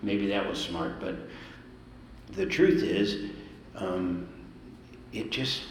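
An older man who composes music, telling lively anecdotes to an audience and jumping up in pitch to stress a point. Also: takes it slowly, reverberant, in a large hall, slight background noise, poor audio. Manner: animated anecdotes, swings up in pitch for emphasis. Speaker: composer, speaker at an event. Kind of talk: storytelling to an audience.

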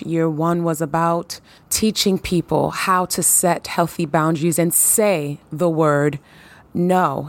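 A woman hosting her own podcast, talking to listeners in a lively, playful, hype-building way. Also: sits low, vocal fry. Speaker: podcast host. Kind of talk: casual solo podcast talk.

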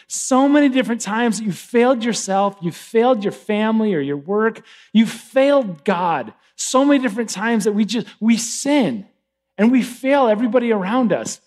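A pastor giving a casual, conversational sermon, animated and swinging between loud emphasis and hushed asides. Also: male voice, sits high, moderate pace.

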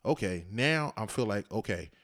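A man's voice: lowish voice, animated, normal speed, fairly bright tone. A man in casual conversation, animatedly telling a story and acting out the voices of the people in it. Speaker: husband telling his story.

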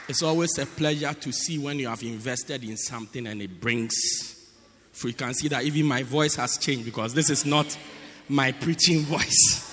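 A man's voice: mid-range voice, normal speed, fairly bright tone, slight background noise. A man who is a pastor, making emphatic church announcements and repeating himself for effect, recorded in a church hall. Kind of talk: sermon announcements. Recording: echoey church hall, crowd murmur.

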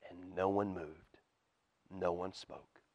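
Pastor reading a storybook to children. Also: male voice, low-pitched, takes it slowly, no room sound. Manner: animated, dropping to a hush for suspense. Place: church service.

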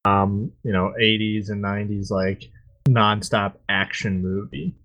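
A man co-hosting a casual podcast, easygoing and quick with a joke. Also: fairly low pitch, fairly even intonation, fairly bright tone, no echo, dull audio. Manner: easygoing, joking. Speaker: podcast co-host. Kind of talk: casual chat.

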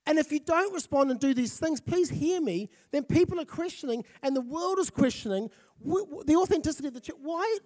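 A pastor who grew up in Fiji, giving a lively, conversational sermon and often checking in with listeners. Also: male voice, very high voice, brisk, hardly any pauses. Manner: lively, conversational, often asks the crowd "right?".

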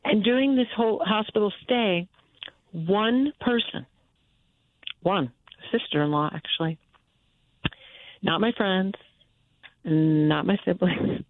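A woman calling in to a radio show and telling a personal story in an earnest, halting way, often restarting her sentences. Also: mid-range voice, dry recording. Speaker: caller. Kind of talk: phone-in storytelling. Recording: tinny phone line.

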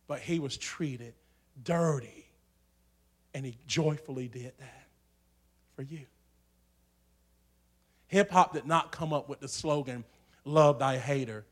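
A man preaching a sermon in a church, swinging from hushed asides to loud, shouting peaks. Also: a little high.

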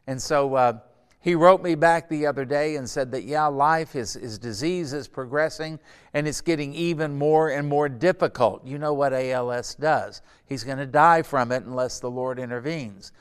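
In a smooth, mid-range voice at normal speed, a middle-aged male pastor delivers a Sunday school Bible lesson. The tone stays earnest and conversational while he builds to strong, emphatic points.

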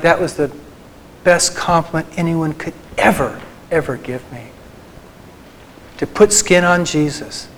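Man, somewhat high voice, earnest, tender, slow emphatic pauses, faith talk to a group. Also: a little hiss or hum, rough recording. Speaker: Christian psychologist speaker.

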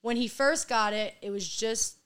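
Smooth-voiced chatty young woman. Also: fairly high pitch, normal speed, fairly bright tone. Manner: chatty storyteller, fills with "like". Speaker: guest. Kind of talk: casual conversation.

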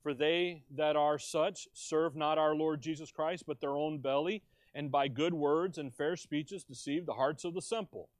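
High-voiced male pastor, slow and emphatic. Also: steady tone, no echo. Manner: slow, emphatic teaching with questions to the congregation; tells jokes with quoted voices. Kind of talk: sermon.

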